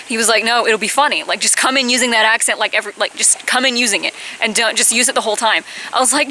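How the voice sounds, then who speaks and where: A woman in her twenties telling a casual storytime on her vlog, chatty, with high-pitched bursts when she quotes herself. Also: quick pace, bright, forceful tone, slight background noise, low-quality recording. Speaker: vlogger.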